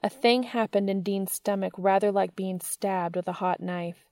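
A woman reading a piece of fiction aloud in a steady storytelling manner. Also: mid-range voice, normal speed, no echo. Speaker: fiction reader.

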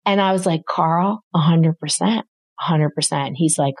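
A middle-aged woman hosting a parenting talk, giving advice in a lively conversational way and acting out quoted voices in her stories. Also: sits low, normal speed, husky, dry recording. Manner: animated storyteller, acts out quoted voices. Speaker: podcast host, parenting expert.

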